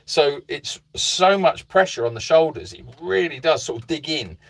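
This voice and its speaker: A man's voice: a little high, animated, moderate pace, a bit bright. Chatty man greeting live viewers. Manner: reads viewer comments aloud and greets them by name; chatty, meandering, with fillers. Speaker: animal sanctuary host. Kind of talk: casual live-stream chat. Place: narrow boat.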